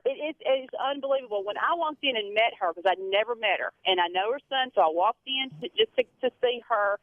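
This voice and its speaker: A woman's voice: fairly high pitch, fairly quick, no room sound. A woman calls in to a radio show and tells her story earnestly. Her voice comes through a narrow, tinny phone line with a dry sound. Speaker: radio caller.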